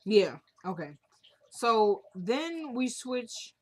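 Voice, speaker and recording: A woman's voice: fairly high pitch, very animated, drawn-out words, darkish tone. A woman in a casual vlog, chattily retelling a TV episode and acting out the characters' lines as she goes. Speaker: TV recap vlogger.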